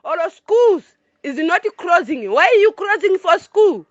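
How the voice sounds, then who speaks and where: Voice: very high-pitched, very animated, measured pace, dry recording. A foreign resident giving an impassioned monologue in broken English, repeating points emphatically. The recording is dull and lo-fi.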